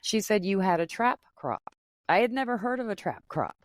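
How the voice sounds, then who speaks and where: A woman's voice: medium pitch, animated, normal speed, dry recording, clean studio sound. A woman hosting a podcast, chatting casually and telling stories with quoted asides. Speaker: podcast host.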